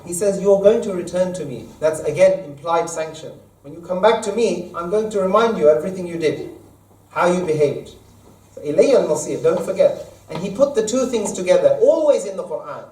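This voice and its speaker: A man's voice: high voice, expressive, fast talker, warm tone. A man giving a Friday sermon as imam, quoting Arabic verses and explaining them in plain terms. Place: mosque hall. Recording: echoey hall, mic at a distance.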